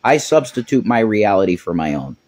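A laid-back man chats casually beside the host, his voice somewhat low and husky. He drops casual swears and easy agreement into the talk. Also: sing-song, fairly quick, darkish tone. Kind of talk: casual chat.

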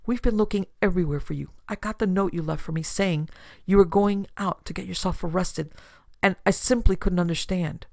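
A woman's voice: fairly low pitch, brisk, creaky, darkish tone, no room sound. A woman voicing an arrogant, wealthy young woman who speaks in a haughty, demanding way.

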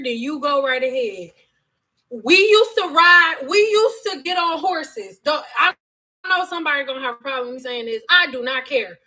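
A woman's voice: sits high, sharp tone. A woman who used to do hair professionally, chatting casually on a live stream and answering viewers' hair questions in a sassy, direct way.

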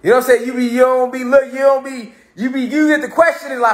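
A man giving a casual motivational talk, animated and slangy, swearing freely and swinging between loud and soft. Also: very high voice, quick pace, few pauses. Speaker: motivational speaker. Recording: roomy echo.

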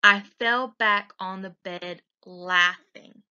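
A woman teacher reads a children's picture book aloud, slowly and expressively. Her voice is bright and forward, and it is heard through a dull, lo-fi recording. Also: mid-range voice, clean tone. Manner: slow and expressive.

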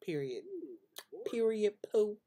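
A woman's voice: mid-range voice, expressive, slow pace, warm tone, pitched above the performer's own voice. A woman voicing a defiant pregnant woman of twenty-one in a life-sim game, talking back to her mother. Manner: defiant, indignant.

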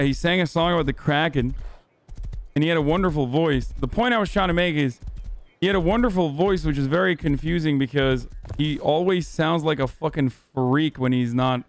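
A man's voice: a little high, smooth. A young man streaming a game, talking casually, getting frustrated, swearing and repeating himself. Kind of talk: casual gaming stream commentary.

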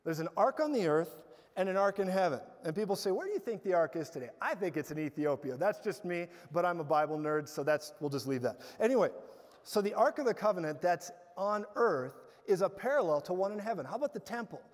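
A man preaching a sermon, telling stories in an animated way with bursts of loud laughter. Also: high-pitched, brisk. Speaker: guest preacher. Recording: hall reverb.

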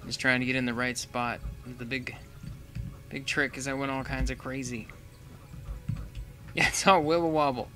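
A man's voice: mid-range voice, completely flat delivery, moderate pace, music in the background. A young man giving casual, chatty commentary while playing a building game, thinking aloud and laughing often. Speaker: gaming channel host.

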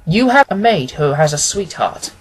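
A man reading aloud who voices a calm, courteous detective asking polite, probing questions in a husky voice. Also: on the high side, moderate pace, low-quality recording.

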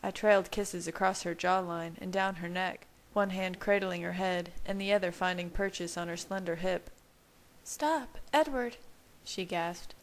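Woman, lowish voice, steady intimate audiobook narration. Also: normal speed, hardly any pauses, low-quality recording. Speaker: fan fiction reader.

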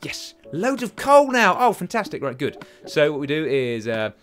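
A young man commentates his game in a chatty, excitable way. His fairly high voice leaps up and down constantly. He keeps poking fun at himself between bursts of delight. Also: normal speed, soft background music. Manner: chatty, excitable, self-mocking, sings silly chants. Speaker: gaming channel host. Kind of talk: casual let's play commentary.

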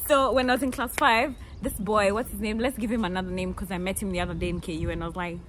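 A Kenyan vlogger in her twenties tells stories casually in a lively, playful way, laughing often and acting out the people she quotes. She talks fast in a mid-range voice with hardly any pauses, and there's slight background noise.

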